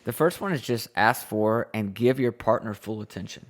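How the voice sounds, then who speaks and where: A thirty-something man co-hosts a laid-back podcast alongside his wife, speaking earnestly in a meandering way with frequent restarts. He has a lowish voice and a moderate pace.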